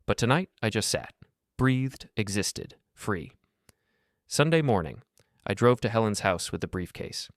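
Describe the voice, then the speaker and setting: Brief: older male narrator, low voice, calm and steady scripted storytelling, dry close mic. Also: measured pace, no echo.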